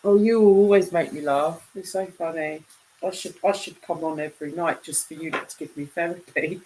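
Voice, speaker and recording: A woman's voice: low-pitched, steady tone, normal speed, mellow, a little hiss or hum, rough recording. A woman chatting casually on a live stream, reading viewers' comments and bantering with them, laughing often.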